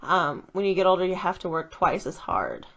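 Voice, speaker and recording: A woman's voice: on the low side, big pitch swings, a little fast, fairly bright tone, highs cut off. A woman hosting a podcast, chatting casually, giggling often and blurting things out. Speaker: podcast host. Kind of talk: casual chat.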